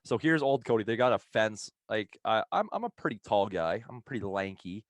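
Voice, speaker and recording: A low-pitched man tells a long, rambling story on a podcast, swearing freely and laughing between lines. His voice is dry and close to the mic, with no room sound around it. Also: big pitch swings, moderate pace, dry recording. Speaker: podcast co-host telling a story.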